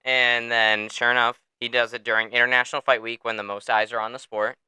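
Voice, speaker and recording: A man hosting a casual sports podcast, telling stories in an animated way, swearing freely and laughing often. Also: medium pitch, fairly quick, clean tone, dry recording. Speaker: podcast host.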